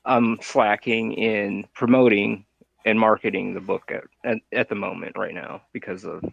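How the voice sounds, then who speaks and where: Low gravelly male comic-artist guest. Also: fairly even intonation, normal speed, dry recording, lo-fi sound. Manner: loose, laughing, slangy, hesitant. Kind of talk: casual interview chat.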